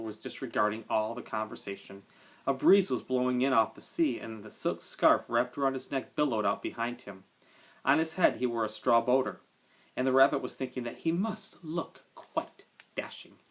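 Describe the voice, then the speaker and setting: A male teacher reading a children's novel aloud to his class with expressive storytelling. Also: medium pitch. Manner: expressive storytelling, casual aside at end.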